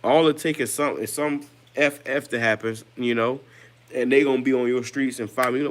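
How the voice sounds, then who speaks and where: A man's voice: mid-range voice, fairly even intonation, normal speed. A man giving casual religious commentary, slangy and loose, often repeating and restarting his words as he talks.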